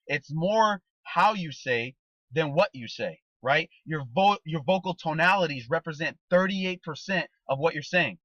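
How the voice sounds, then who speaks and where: A man coaching a team in a motivational training talk, his slightly raised voice bright and forceful. He drives points home with rhetorical questions and checks in with "okay?". The recording is dry and a little dull. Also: on the high side, animated, measured pace, no room sound. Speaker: network marketing trainer.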